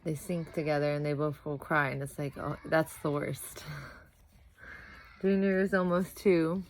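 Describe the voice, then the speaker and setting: Speaking in a deep, steady voice at a measured pace, a young woman vlogs from home about her two small children while a toddler is around. Exhaustion from little sleep leaves her rambling and scattered, often correcting herself, on a low-quality recording.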